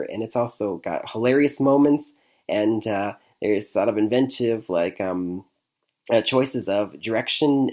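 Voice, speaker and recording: A man's voice: mid-range voice, darkish tone. A young man from Michigan giving a casual spoken movie review, rambling with many fillers and restarts and chuckling often. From Michigan, USA.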